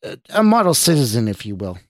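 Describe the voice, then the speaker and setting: A man's voice: medium pitch, sing-song, fast talker, no room sound, clean studio sound, natural voice. A man voicing a nervous young male scientist who stammers and pleads defensively, in a story reading. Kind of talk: audio drama reading.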